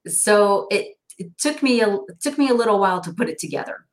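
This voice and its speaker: A middle-aged woman speaking as a guest in an animated interview. She talks expressively, often laughing and acting out snippets of dialogue. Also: medium pitch, brisk. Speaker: guest, financial planner.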